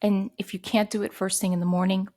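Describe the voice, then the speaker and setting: A middle-aged woman hosting a podcast, speaking heartfelt and gently advising on self-care. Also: mid-range voice, flat delivery, fast talker. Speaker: podcast host. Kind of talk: personal self-care talk.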